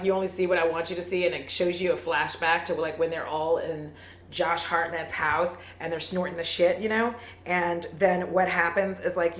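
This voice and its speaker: A woman hosting a comedic movie recap, rambling and profane with lots of fillers and self-mocking asides. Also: on the low side. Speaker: host. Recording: roomy echo.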